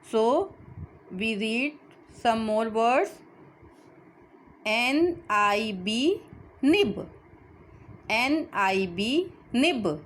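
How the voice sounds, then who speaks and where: A woman teaches children phonics at a very slow, deliberate pace. Her pitch swings widely as she spells each word letter by letter and then says it again. A faint hum of background noise sits under her voice.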